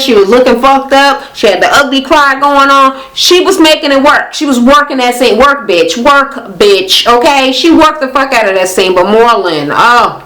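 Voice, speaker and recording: A woman's voice: sits high, fairly bright tone, low-quality recording. A young woman casually recapping a reality show, sassy and profane, mimicking the cast in mocking voices.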